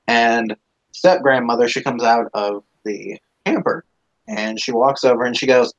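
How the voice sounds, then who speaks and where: A man's voice: mid-range voice, measured pace. A man hosting a live stream, casually telling a rambling, profane story with plenty of swearing, on a dull lo-fi recording.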